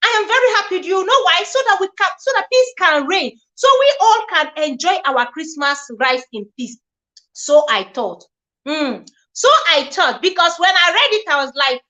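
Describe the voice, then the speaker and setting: A woman's voice: high voice, big pitch swings, moderate pace, sharp tone. A Nigerian woman hosting a live gossip stream, talking expressively, mixing in Pidgin and reading viewer comments aloud. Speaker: live show host.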